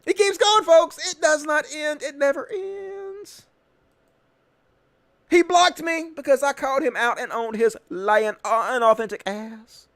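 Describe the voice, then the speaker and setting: A man's voice: very high voice, a little slow, gravelly, fairly bright tone, no room sound. A man hosting a political commentary show, talking in a sarcastic, mocking and profane way. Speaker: host.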